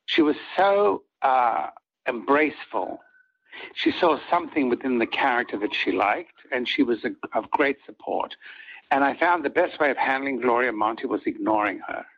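An older man with a husky voice, a soap opera actor telling rambling anecdotes in an interview and acting out what others said. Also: medium pitch, animated, moderate pace, dull audio. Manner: rambling, acts out quoted lines of others.

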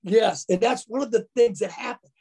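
Gravelly, husky man telling stories. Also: high voice, moderate pace, a little mellow. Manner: folksy, colloquial. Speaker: interview guest, former college football player. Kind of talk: casual storytelling.

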